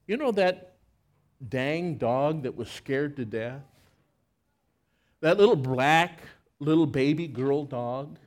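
Un pastore con voce alta e molto espressiva racconta una storia in chiesa, lentamente e con teatralità. Mima le scene mentre parla e poi passa alla preghiera. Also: male voice, high-pitched. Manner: dramatic, acts out the scenes. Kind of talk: storytelling sermon. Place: church service.

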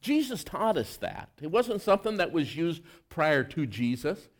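A man preaching a sermon in an earnest, conversational way, swinging between loud emphasis and soft, low passages. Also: sing-song, normal speed.

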